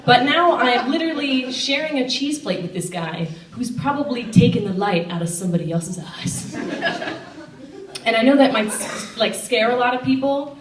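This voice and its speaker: A young woman doing a stand-up set on a comedy stage, telling stories deadpan, with loud bursts when she acts out quotes. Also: a little high, moderate pace, crowd noise. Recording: roomy sound from a distant mic.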